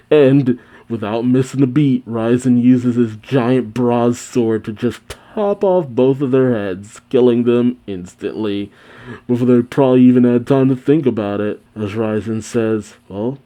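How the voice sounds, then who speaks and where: A man hosts a manga reaction, reading the story aloud and cutting in with animated, amused comments. His voice is mellow and dark rather than bright. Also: medium pitch.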